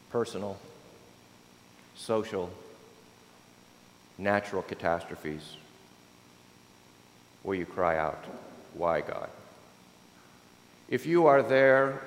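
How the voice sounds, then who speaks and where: Male pastor, sermon, lively swinging pitch, echoey church with long reverb. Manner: expressive preaching, swelling and dropping to near-whispers.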